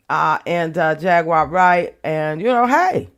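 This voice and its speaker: Laughing, slow-talking woman livestream host. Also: lowish voice, animated, fairly bright tone. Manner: laughs often, playful and loose, calls viewers y'all and baby. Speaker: online commentary show host. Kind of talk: casual livestream chat with viewers.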